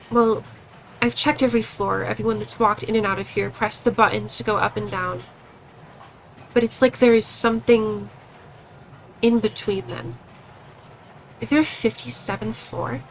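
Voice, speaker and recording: A woman's voice: medium pitch, fairly even intonation, a little slow, pauses often, slight background noise. A woman playing a tabletop game, asking questions in a wry, curious way. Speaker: player.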